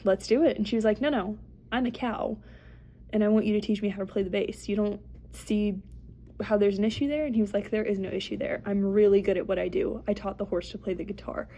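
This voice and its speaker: Husky young woman rambling through a long joke. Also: mid-range voice, fairly even intonation, fairly quick, warm tone, highs cut off. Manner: rambling, full of fillers, acts out the animals' lines in her own voice. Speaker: podcast co-host telling a joke.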